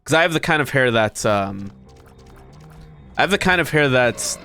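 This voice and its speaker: A man's voice: medium pitch, moderate pace, soft background music. A man streaming a video game, chatting casually with viewers, swearing often and laughing between complaints about his run. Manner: animated, swearing, frequent laughter. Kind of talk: casual gameplay commentary.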